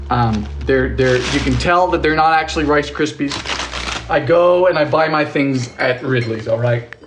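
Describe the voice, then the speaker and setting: Young male cooking streamer, playful and chatty, pitch jumping all over, home kitchen. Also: a little hiss or hum. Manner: animated, playful, thanks viewers often. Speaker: cooking livestream host. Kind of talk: chatty live cooking stream, reading viewer comments.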